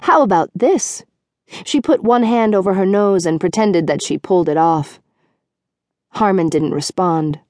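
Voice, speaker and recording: Slow, mellow woman audiobook narrator. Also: on the low side, no echo, studio quality. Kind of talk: scripted narration.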